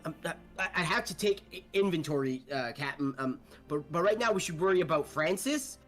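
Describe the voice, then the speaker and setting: A man's voice: a little high, expressive, fairly quick, a bit bright, soft background music. A man voicing a nervous male deckhand who stammers and hesitates. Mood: flustered.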